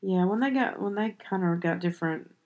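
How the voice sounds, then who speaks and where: A woman's voice: lowish voice, a little fast, darkish tone. A woman hosting a casual movie podcast, chatty and rambling, often restarting her sentences. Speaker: podcast host.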